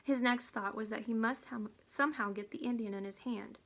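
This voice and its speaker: Woman reader for a children's chapter book, slightly high voice, steady pace. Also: a little fast. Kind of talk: storybook read-aloud.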